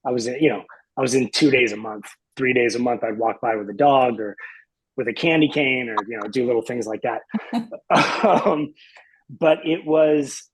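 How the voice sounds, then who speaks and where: Man, fifties, guest, husky voice, rambling, dry sound. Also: mid-range voice, normal speed, no room sound, low-quality recording. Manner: reflective, rambling with many fillers. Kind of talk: casual chat.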